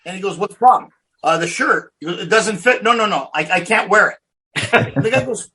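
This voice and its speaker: A man hosting a podcast, chatting casually with a guest, telling loud stories full of quoted dialogue and swearing. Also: sits high, lively intonation, quick pace. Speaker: podcast host. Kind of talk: casual interview chat.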